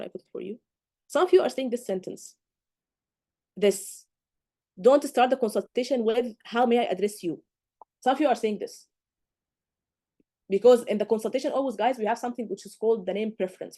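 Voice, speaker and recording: A woman's voice: on the high side, dark tone. A woman tutoring medical exam candidates in a live lecture, emphatic and constantly checking in with "okay?" and "do you get?".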